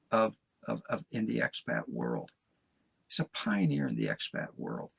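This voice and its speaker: An American man hosts his podcast in a casual, rambling monologue, restarting phrases and chatting with his listeners. His voice is medium-pitched, creaky, and slightly rough, with no room sound.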